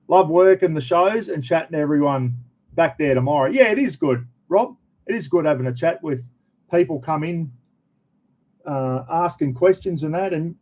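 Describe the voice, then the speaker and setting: Chatty Australian bloke, mellow voice. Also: male voice, fairly high pitch. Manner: chatty, rambling, blokey slang. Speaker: channel host answering live chat. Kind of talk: casual live-stream chat.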